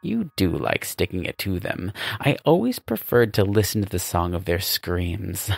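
A man voicing a pompous, gravelly demon boss. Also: low voice. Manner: grandiose, condescending, drawn-out. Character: pompous, self-praising older male demon boss.

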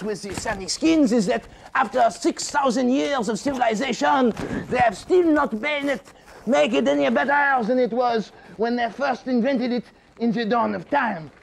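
A man playing a fussy male alien cooking-show host with a husky voice, exclaiming excitedly. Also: very high voice, heavily acted. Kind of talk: comedy sketch acting.

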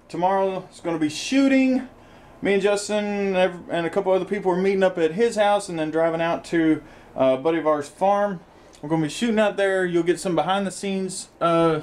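Rambling high-voiced young man vlogging. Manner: rambling, profane, many fillers. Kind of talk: casual vlog chat.

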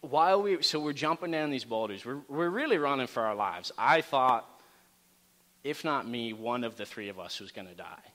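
A man speaking in a relaxed, chatty storytelling voice, full of fillers and asides. He has a medium pitch, and the sound is a long, reverberant hall. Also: moderate pace. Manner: animated, casual storytelling with many fillers. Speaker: campus ministry speaker. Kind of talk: storytelling sermon talk.

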